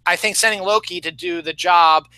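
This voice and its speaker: Lively male podcast host, high and bright, dry close sound. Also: moderate pace, clear, resonant tone, no echo, rough recording. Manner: animated, laughs often, acts out quotes in high voices. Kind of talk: casual movie discussion.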